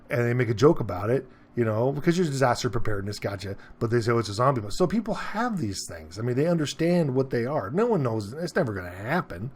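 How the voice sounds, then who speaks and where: A man of ordinary pitch rambles through a casual monologue aimed at his viewers. He restarts his sentences, keeps tossing in "okay?", and his voice jumps higher whenever he gets excited. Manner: rambling, repeats himself, keeps asking "okay?"; animated, pitch jumps up when he gets worked up. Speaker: vlogger. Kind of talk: casual opinion monologue to camera.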